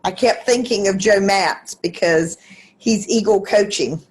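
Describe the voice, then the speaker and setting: A woman's voice: medium pitch, unhurried, darkish tone, breathy edge. A woman hosting a meeting on a video call, thanking the speaker and making announcements in a chatty way. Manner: friendly, chatty, with fillers. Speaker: host. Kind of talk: casual meeting chat.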